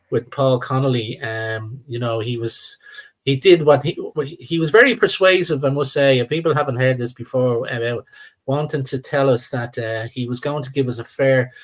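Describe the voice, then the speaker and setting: An older Irish man talking in a rambling, repetitive way as a guest on a live-stream chat. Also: mid-range voice. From Ireland. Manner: rambling, repeats words, trails off.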